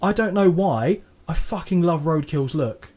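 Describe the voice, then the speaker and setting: A man's voice: a little high, a little slow, slightly rough. A man co-hosting a casual podcast, joking and swearing as he reviews an old show. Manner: sweary, jokey, animated. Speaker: podcast co-host. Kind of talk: casual chat.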